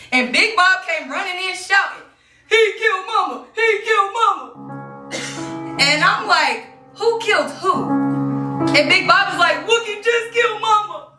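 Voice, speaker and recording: A woman performing a monologue as an excited young woman who tells a chaotic family scene in a hollering, breathless rush. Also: very high voice, voice pushed up, full character voice. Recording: roomy live stage, distant mic, music.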